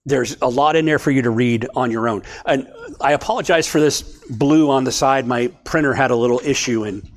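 A man's voice: mid-range voice, fairly quick. A man leading a Bible study for a small group, talking casually and checking in with his listeners as he goes. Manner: conversational, checks in with "okay?".

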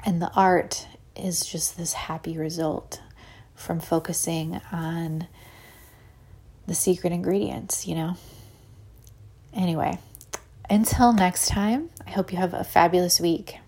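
Slow and slightly rough, with long pauses, a woman with a lowish voice rambles through a story on the podcast she hosts. She animates it with acted-out quotes and says "like" constantly.

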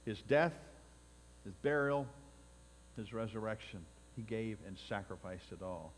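A man preaching a sermon as pastor, building to emphatic peaks and dropping to quiet, deliberate phrases. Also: on the low side, animated, slight background noise. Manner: emphatic preaching with swells and drops in loudness. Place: church sanctuary. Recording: long reverb in a hall.

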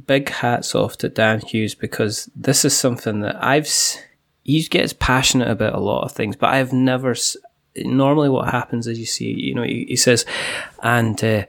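A man's voice: mid-range voice, steady tone, moderate pace, vocal fry, a bit bright. A man, from the UK, chatting as a podcast host in a rambling, laughing way. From United Kingdom. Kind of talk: casual podcast chat.

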